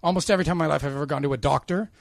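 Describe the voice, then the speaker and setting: A man with a raspy, gravelly voice, chatting wryly as a podcast guest. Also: on the high side, rapid-fire, no room sound, studio quality. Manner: wry, self-deprecating. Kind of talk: casual chat.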